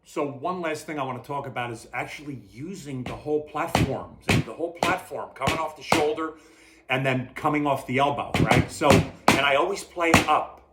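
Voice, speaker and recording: A man teaching drum hand technique in a relaxed, repetitive way, demonstrating as he talks. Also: on the high side, normal speed, over loud music. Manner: relaxed, repeats himself, talks while playing. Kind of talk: casual demonstration lesson. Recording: loud drumming behind the voice. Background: drum kit playing.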